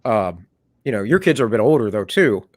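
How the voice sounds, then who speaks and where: A man's voice: on the low side, sing-song, fairly quick, dry recording, clean studio sound. A man hosting a casual livestream chat, talking in a loose, rambling way and often correcting himself mid-sentence. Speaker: stream host.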